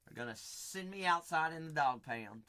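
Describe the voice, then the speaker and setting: Expressive and fairly high in pitch, the card break stream host talks at a moderate pace. He runs through buyers' names with teasing, sing-song banter that erupts into sudden loud bursts.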